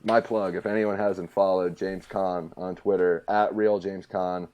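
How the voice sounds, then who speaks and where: Excitable low-voiced man chatting. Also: unhurried, highs cut off. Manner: excitable, jumps high when joking. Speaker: podcast guest. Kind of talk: casual podcast chat.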